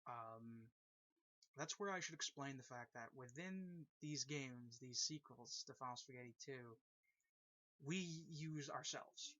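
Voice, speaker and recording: A man's voice: medium pitch, takes it slowly, bright, forceful tone, no room sound. A man casually explaining a fan-made story at length, rambling with lots of fillers and repeated phrases. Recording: dull lo-fi recording.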